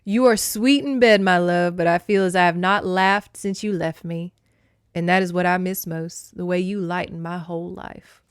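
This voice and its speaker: A lovestruck god of the underworld talks in a relaxed, offhand voice, as a woman puts him on. He sounds insecure beneath the ease. The sound is dry and close. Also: on the low side, moderate pace, smooth, dry recording, lightly acted. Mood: tender.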